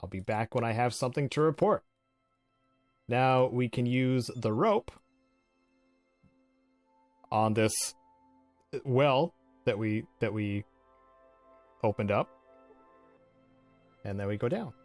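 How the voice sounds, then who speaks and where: A man's voice: medium pitch, slow, long pauses, no room sound, soft background music. A man narrating his game playthrough in a chatty, giggly way, restarting phrases as he goes. His voice sits mid-range and the sound is dry and close. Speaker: let's play host. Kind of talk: casual game commentary.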